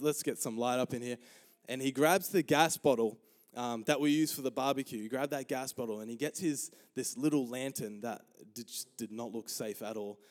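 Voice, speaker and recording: A young man preaching in church, telling a funny story with lots of energy, acting out the voices and laughing as he goes. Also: mid-range voice. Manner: animated, acts out quotes, laughs often. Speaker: pastor. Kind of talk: storytelling sermon. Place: church auditorium.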